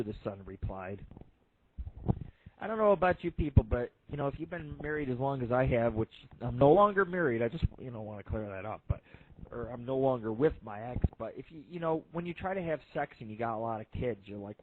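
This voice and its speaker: A man's voice: medium pitch, expressive, brisk, a little hiss or hum. A man hosting an internet radio show, telling crude jokes in a rambling, profane monologue full of fillers. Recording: phone-like lo-fi line.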